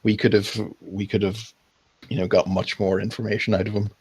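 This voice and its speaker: A man's voice: on the low side, little pitch movement, a little fast, slightly rough, poor audio. A man playing a curt, dismissive official. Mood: scolding. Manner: curt, scolding.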